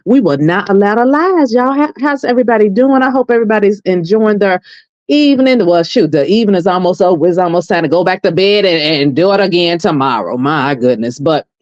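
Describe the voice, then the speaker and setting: A woman hosting a casual gossip livestream, talking in a sassy, animated way and stretching words out for emphasis. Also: on the low side, brisk, no room sound, highs cut off. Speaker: livestream commentary host.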